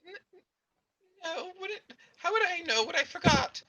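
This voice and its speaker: A woman's voice: very high voice, expressive, moderate pace, bright, forceful tone, no room sound, heavily acted, low-quality recording. A woman voicing a timid, forgetful little creature in a tabletop game that stammers and sounds muddled. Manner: stammering, confused.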